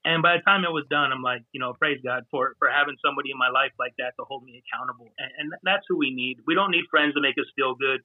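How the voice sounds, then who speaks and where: A man's voice: medium pitch, fast, few pauses, dry recording, narrow, tinny audio. A man talking earnestly as a podcast guest, often repeating words as he starts a thought. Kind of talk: casual podcast conversation.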